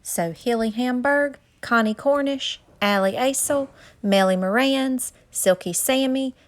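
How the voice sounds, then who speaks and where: A woman's voice: fairly high pitch, a little slow. A woman reading a children's picture book aloud with dramatic, suspenseful narration. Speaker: storyteller. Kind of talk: storybook read-aloud.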